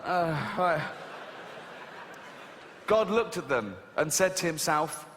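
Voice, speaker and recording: A man performs stand-up on stage into a handheld mic, sarcastic and sweary. His voice sits fairly high and leaps further up in mock disbelief. A big laughing crowd and noise fill the live recording. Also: expressive, takes it slowly, long pauses, long reverb tail. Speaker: stand-up comedian. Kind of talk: stand-up comedy routine. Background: audience laughter.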